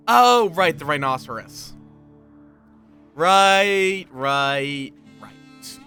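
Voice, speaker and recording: A man's voice: high voice, big pitch swings, extremely slow, pauses often, sharp tone. A tired man chatting casually on a game livestream, playful and slipping into silly put-on accents. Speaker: streamer. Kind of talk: casual livestream chat while gaming. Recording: faint music in the background.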